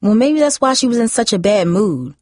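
A woman reading a novel aloud, voicing a guarded older teenage sister who speaks low, subdued and tired. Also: lively intonation, fairly quick, darkish tone, no room sound, clean studio sound. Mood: irritated.

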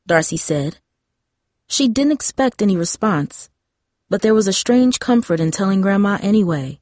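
A woman's voice: mid-range voice, animated, normal speed, darkish tone, no room sound. Woman reading a story, dry close sound. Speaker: narrator. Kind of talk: audiobook reading.

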